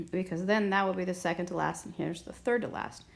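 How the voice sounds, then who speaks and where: A woman's voice: lowish voice, steady tone, normal speed, vocal fry. A woman teaching a language grammar lesson at a whiteboard, patient and explaining step by step. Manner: patient, explains step by step, often asks "okay?". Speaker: Spanish teacher.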